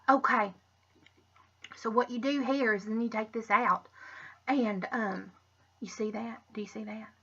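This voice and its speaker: A woman's voice: fairly high pitch, steady tone, unhurried, pauses often, bright, forceful tone, husky. A woman chatting through a casual makeup tutorial, rambling, restarting with "but anyways" and muttering asides to herself. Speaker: makeup vlogger. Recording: dull lo-fi recording.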